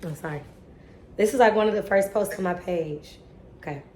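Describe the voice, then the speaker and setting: A woman's voice: mid-range voice, a little fast, darkish tone, echoey room, faint music behind. A young woman talking to camera in an emotional vlog about faith, earnest and a little tearful, with casual slang. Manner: earnest, self-motivating, preachy, casual slang. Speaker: vlogger.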